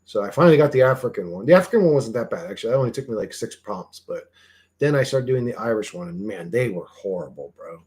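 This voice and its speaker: A man's voice: lowish voice, lively intonation, fast talker, a little mellow. Rambling man chatting casually on a livestream. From Greek heritage. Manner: rambling, swears casually, trails off with fillers. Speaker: livestream host.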